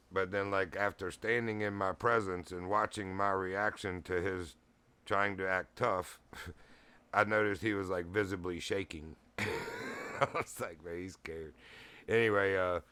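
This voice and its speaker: A man's voice: sits low, pushed and bright, clean tone. A man telling a rambling, profane story in casual chat, laughing often and getting heated as he retells it. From Virginia. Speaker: streamer.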